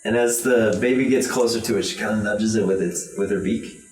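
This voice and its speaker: A young man narrating as game master of a tabletop game, animated and laughing often, with many fillers. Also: lowish voice, fairly quick. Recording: roomy room, far from mic, faint music.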